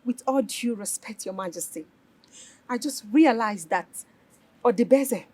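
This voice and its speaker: A woman's voice: on the high side, expressive, a little slow, warm tone. An actress playing a protective, indignant royal wife and mother with a Nigerian accent in a film drama. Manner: pleading, indignant. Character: protective royal wife, defending her children. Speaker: queen and mother.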